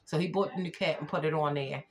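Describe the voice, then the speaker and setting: A woman's voice: low voice, fairly even intonation, quick pace, darkish tone. A woman vlogger chatting casually through a storytime, rambling and repeating herself as she retells conversations.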